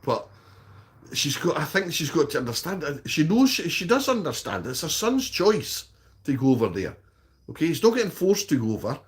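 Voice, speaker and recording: Slightly high and sing-song at a normal pace, this Scottish streamer works through viewer comments in casual chat. His replies are blunt and profane, and he keeps tacking "okay?" onto what he says.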